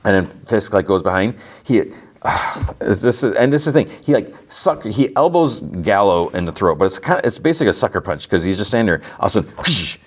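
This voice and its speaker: A man's voice: lowish voice, sing-song, a little fast. A man hosting a podcast, casually retelling a TV episode scene by scene, full of "like" and restarts. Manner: rambling, filler-heavy retelling with lots of "like". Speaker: podcast host.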